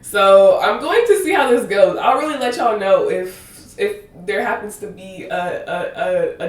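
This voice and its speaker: A woman in her twenties hosts a casual faith podcast, rambling and laughing through tangents while sounding close to tears. Her voice is lowish and sits far from the mic, with a roomy echo in the recording.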